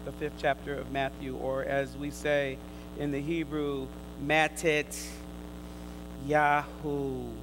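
A man preaching a sermon, quizzing his listeners in call and response, swinging from loud emphatic bursts to quiet asides. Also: medium pitch, level tone, normal speed, background noise.

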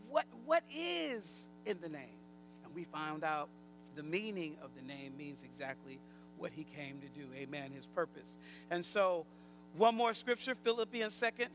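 A man preaching a sermon as pastor, calling out to the congregation and rising to shouts. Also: high voice, slight background noise.

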